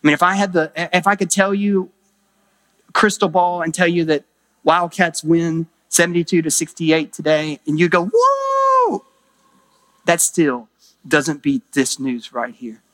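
A man's voice: a little high, steady tone, moderate pace, a bit bright. A middle-aged man preaching a sermon as pastor, emphatic, with rising exclamations.

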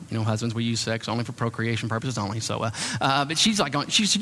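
A man's voice: mid-range voice, fast talker, hardly any pauses. A man preaching as a pastor, telling stories and acting out the voices of the people he quotes. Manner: animated, acts out quoted voices. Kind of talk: sermon with storytelling. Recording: long hall reverb.

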